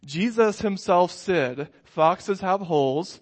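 Young guy preaching, kinda high voice, chatty and funny, telling stories. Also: expressive, slow. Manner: conversational storytelling with humor. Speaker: pastor. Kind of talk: sermon.

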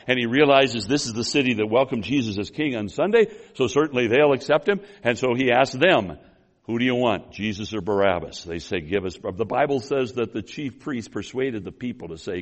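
A male preacher works through a passage verse by verse, telling the story with animated emphasis and then dropping into quiet asides. His voice sits at an ordinary middle pitch. He calls his listeners folks, restarts his phrases and apologizes for running long. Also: fairly quick, hardly any pauses. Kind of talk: expository sermon.

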